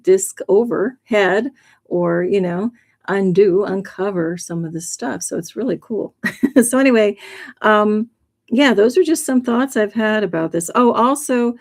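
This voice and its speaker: A woman hosting a livestream, telling a personal story in a casual, rambling way with many fillers and restarts, her voice jumping up when she gets excited. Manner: lively, jumps in pitch when excited. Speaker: livestream host.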